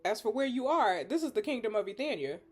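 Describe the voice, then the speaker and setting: A woman's voice: fairly high pitch, sing-song, quick pace, a little mellow, pitched below the performer's own voice. Woman reading a polite, puzzled young noblewoman. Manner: courteous, formal, bewildered. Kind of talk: reading game dialogue aloud.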